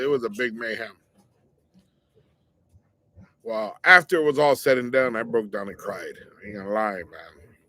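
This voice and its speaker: A middle-aged man sits and tells a personal story straight to his audience in a loose, blunt, street-slang manner. His voice sits at an ordinary middle pitch, and he ends on a direct warning to his listeners. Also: a bit bright. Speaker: show host.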